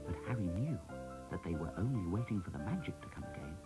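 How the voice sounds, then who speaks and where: A man narrating a children's storybook in a gentle, expressive way. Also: low voice, quick pace, poor audio. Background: soft music.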